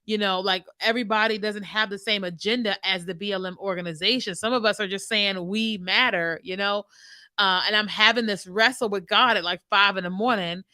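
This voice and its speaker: Brief: woman host, bright tense voice, animated storyteller doing both sides of dialogue, dry close mic. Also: medium pitch, brisk, no room sound. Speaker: host answering viewer comments. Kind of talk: casual faith talk, live stream.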